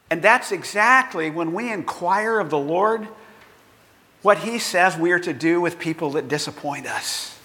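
An older man preaching a sermon in an earnest, conversational way, acting out quotes with lively energy. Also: sits high, measured pace, in a large hall. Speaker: pastor.

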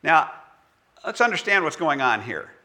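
A man preaching in a conversational, animated way, reading scripture and putting on voices for its figures. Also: on the high side, moderate pace.

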